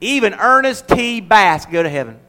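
A man preaching a sermon to his church, animated, acting out little voices and laughing as he goes. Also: high voice, moderate pace. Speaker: pastor.

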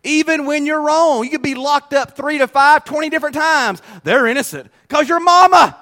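High-pitched preacher guy in his 40s, folksy, tells stories and laughs a lot. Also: normal speed, bright, forceful tone. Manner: folksy, storytelling, laughing often. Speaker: pastor. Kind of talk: sermon. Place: church.

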